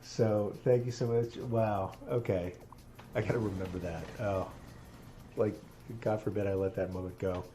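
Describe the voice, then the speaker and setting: Rabbi guy streaming a game, mellow lowish voice, gets all choked up, laughs a lot. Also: steady tone, moderate pace, a little hiss or hum. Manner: earnest and moved, laughs often. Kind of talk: casual live-stream chat while gaming.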